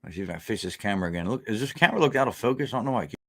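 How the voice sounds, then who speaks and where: A livestream host with a low-leaning, creaky voice talks rapid-fire with lively intonation, chatting casually with viewers. He's blunt and profane, full of fillers and restarts, and grows indignant until it turns into outrage.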